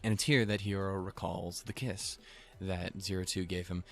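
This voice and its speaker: A man's voice: sits low, level tone, moderate pace, creaky, a bit bright, soft background music. A man casually recapping an anime episode, rambling and swearing freely with chuckling asides. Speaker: anime reviewer.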